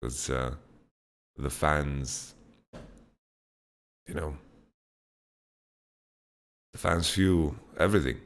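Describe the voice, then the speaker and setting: A man's voice: rumbling low, drawn-out words, pauses often. A man hosting a casual Q&A podcast, answering viewer questions bluntly and laughing them off. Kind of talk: casual chat, Q&A.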